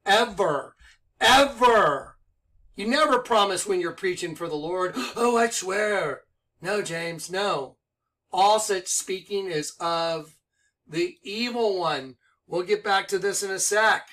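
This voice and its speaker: A man preaching excitedly to an online audience, firing rhetorical questions and commenting on a clip. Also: sits high, a little slow.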